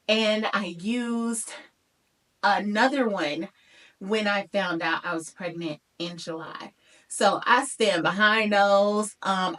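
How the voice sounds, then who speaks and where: A woman in her thirties telling a personal story to her viewers in a lively, chatty way, talking to them as y'all. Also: medium pitch, distant mic. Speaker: vlogger.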